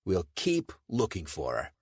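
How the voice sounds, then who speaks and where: A man's voice: sits low, huge pitch swings, a little slow, breathy edge, dry recording, exaggerated voice. A man voicing a cautious, impatient American agent in an audiobook, blunt in manner. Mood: wary.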